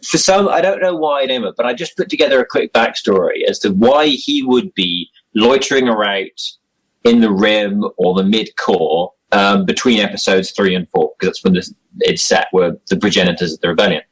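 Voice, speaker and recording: A man's voice: fairly low pitch, normal speed, husky, low-quality recording. A young man chatting casually as an interview guest about his role-playing game character, rambling and self-deprecating with frequent chuckles. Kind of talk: casual chat.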